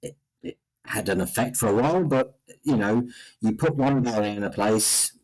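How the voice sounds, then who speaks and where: A man's voice: on the low side, moderate pace, a little mellow, low-quality recording. A middle-aged man with a London accent, co-hosting a podcast in casual chat and rambling with lots of fillers. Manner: rambling, heavy on "you know" fillers. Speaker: podcast co-host.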